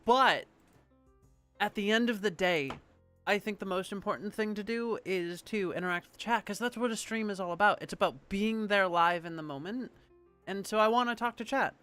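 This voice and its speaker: A woman's voice: mid-range voice, normal speed, a bit bright, soft background music. A woman streamer in casual live-stream chat, rambling and chatty, swearing now and then.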